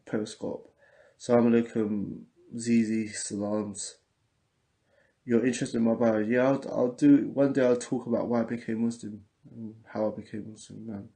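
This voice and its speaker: A man's voice: mid-range voice, steady tone, moderate pace, vocal fry, warm tone. A man with a London accent hosting a casual livestream, chatting loosely and reading out viewer comments. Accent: London English. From England. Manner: chatty, repetitive, loose street slang. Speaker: podcast host.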